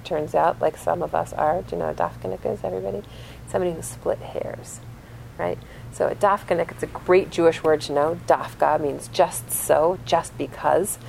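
A woman teaching a lively lesson, telling stories and asking her class questions. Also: lowish voice, gravelly, slight background noise, poor audio. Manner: animated storyteller, asks the class questions. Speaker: religious teacher.

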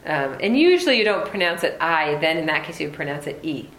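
A woman teaching a text study class, explaining patiently with animated asides and frequent checks of "right?". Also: deep voice, brisk. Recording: roomy echo, faint room noise.

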